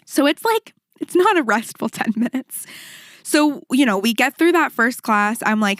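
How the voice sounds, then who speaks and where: A woman hosting a podcast and telling a story in a casual, animated, rambling way, swearing freely and throwing in quick asides. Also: high-pitched, dry recording, studio quality. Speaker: podcast host and fitness instructor.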